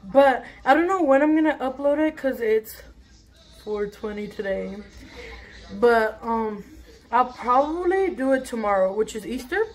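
A woman's voice: fairly high pitch, animated, unhurried. A young woman telling a story in a casual vlog, chatty and rambling with lots of swearing, filmed on her phone at home. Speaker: vlogger. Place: bathroom at home. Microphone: phone camera.

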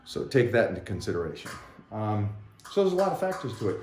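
Lively joking male fitness coach. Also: on the low side, fast talker. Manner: energetic, joking, explains as he goes. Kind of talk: casual workout vlog coaching. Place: gym. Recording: roomy echoey gym.

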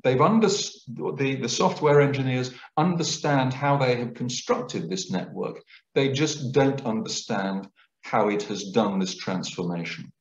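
A man giving a public lecture, explaining things clearly in a lecturing manner. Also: mid-range voice, measured pace. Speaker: guest lecturer. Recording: roomy, dull lecture recording.

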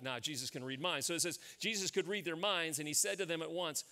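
Emphatic American pastor preaching a sermon. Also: male voice, a little high, brisk, few pauses, bright, forceful tone. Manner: storytelling, emphatic, repeats key phrases.

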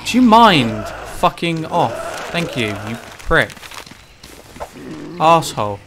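A man commentating his own gameplay, ranting and swearing with sudden shouted outbursts. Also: on the high side, big pitch swings, slow, background noise. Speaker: gaming channel host. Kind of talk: let's play commentary.

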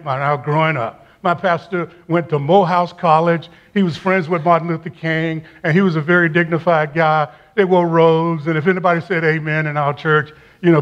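An older man, a retired campus minister, preaching a chapel sermon, repeating key phrases for emphasis and often dropping into a quiet, intimate tone. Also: on the high side, lo-fi sound.

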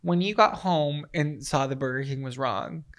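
A man co-hosting a podcast, telling stories in lively casual chat with some swearing. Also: on the high side, normal speed. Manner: animated, storytelling with profanity. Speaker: podcast co-host.

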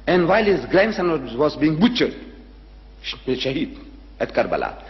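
An older man from South Africa giving a public lecture, telling a story and acting out both sides of a dialogue with long pauses. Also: fairly high pitch, big pitch swings. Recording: echoey hall, dull lo-fi recording.

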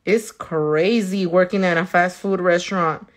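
A woman's voice: fairly low pitch, fairly even intonation, unhurried. A woman nail artist talking casually while she works, telling stories lots of swearing and slipping into now and then. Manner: loose and profane, chatty, reads viewer comments. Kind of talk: casual storytelling while working.

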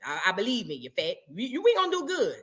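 A woman hosting a reaction video, teasing and animated, repeating lines for comic effect in casual commentary. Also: mid-range voice, fast talker.

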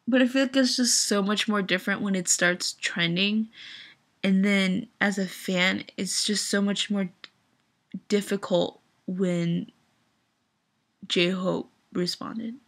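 A woman's voice: mid-range voice, steady tone, slow, long pauses, a bit bright. Upset young woman ranting about her idol. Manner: upset, filler-heavy with frequent "like". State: teary. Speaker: fan vlogger. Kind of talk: emotional vlog rant.

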